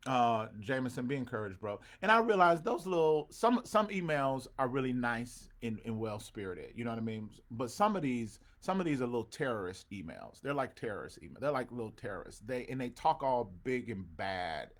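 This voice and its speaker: A man's voice: mid-range voice, sing-song, a little fast, hardly any pauses. A man, a pastor hosting an online show, talking casually with his congregation and calling out to viewers by name, with preacher-like swells. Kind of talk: casual livestream talk with a congregation.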